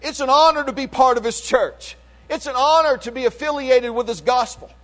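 High-voiced older male preacher. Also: normal speed, fairly bright tone. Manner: earnest, emphatic preaching with frequent restarts, asks the congregation for agreement. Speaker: pastor. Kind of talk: sermon.

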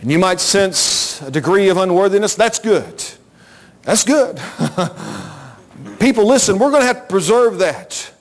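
A man preaching an impassioned sermon in a church, rising to shouts and chanting phrases over and over. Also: high-pitched, big pitch swings, normal speed. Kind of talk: fiery altar-call sermon. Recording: music playing behind.

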